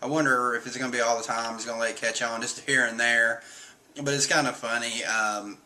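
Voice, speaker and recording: A man talks through a manga chapter in a loose, rambling way, padding his sentences with fillers and reading out character lines along the way. His voice is bright and forceful at a middling pitch. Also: steady tone, fairly quick, slight background noise. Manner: rambling, filler-heavy, often reads and acts out character lines. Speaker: streamer recapping a manga chapter. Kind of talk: casual recap.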